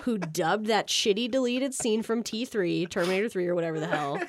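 A woman in her thirties hosting a podcast in casual chat, animated, laughing often and swearing. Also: medium pitch, fairly quick, noisy background. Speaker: podcast host.

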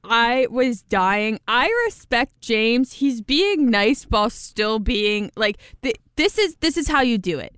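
A woman's voice: fairly high pitch, animated, slow pace, hardly any pauses, a bit bright, smooth, no room sound, studio quality. A woman co-hosting a casual recap podcast, chatty and enthusiastic with frequent laughs. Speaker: podcast co-host.

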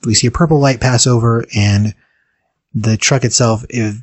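Man, casual host, rambling retelling, husky, dry sound. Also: mid-range voice, fairly even intonation, moderate pace, no echo. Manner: rambling, filler-heavy retelling. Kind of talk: casual story recap.

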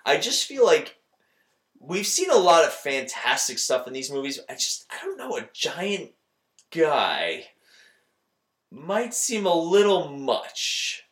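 A man hosting a casual podcast chat, animated and quick to laugh. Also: fairly high pitch, roomy sound. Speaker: podcast host.

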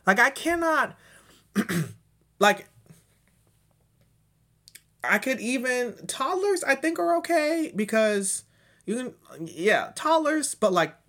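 A man's voice: high-pitched, pushed and bright. A man in his thirties, a podcast host rambling through a profane, self-mocking comedic monologue. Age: 30s.

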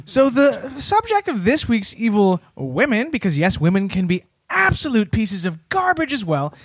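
A man hosts a casual comedy podcast, steering the talk back to his story between laughs. His voice sits high and swings up and down, with a dry, close sound. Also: very animated, moderate pace, no room sound. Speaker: podcast host.

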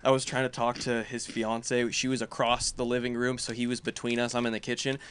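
A man hosting a casual chat, telling a rowdy story and shouting out the quotes. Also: mid-range voice, monotone, a little fast, clear, resonant tone.

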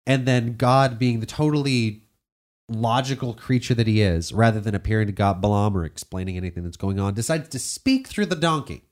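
A man's voice: fairly low pitch, lively intonation, brisk. A young man co-hosting a podcast, retelling a story in a laid-back, sarcastic way and swearing freely. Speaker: podcast co-host. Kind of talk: casual profane storytelling.

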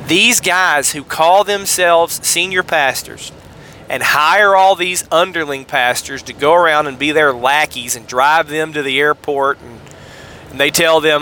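Bright, fired-up man. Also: fairly high pitch, a little slow, a little hiss or hum. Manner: fired-up, sarcastic, rambling asides. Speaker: podcast host. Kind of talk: podcast commentary on scripture.

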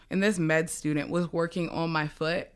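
A woman's voice: low voice, unhurried, clear, resonant tone. A woman in her late twenties co-hosting a casual podcast chat, telling stories animatedly and acting out the quotes. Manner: animated storyteller, acts out quotes. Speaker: podcast co-host.

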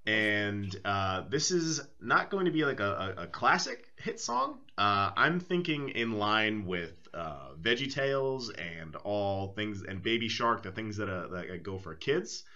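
A man's voice: lowish voice, very animated, measured pace, hardly any pauses, pushed and bright, highs cut off. A man co-hosting a casual comedy podcast, who breaks into mock-outraged, swearing rants. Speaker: podcast co-host.

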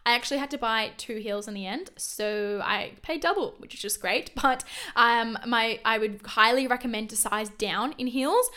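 Fast-talking young woman. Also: a little high, bright, forceful tone. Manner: chatty and fast, with frequent self-corrections and fillers. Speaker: podcast host. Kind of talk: casual solo podcast monologue.

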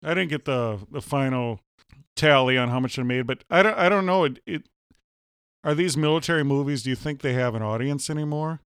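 Blunt man with a smooth voice. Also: medium pitch, a little fast, fairly bright tone, dry recording. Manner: blunt, matter-of-fact, dry wit. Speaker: podcast co-host. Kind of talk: casual movie podcast chat.

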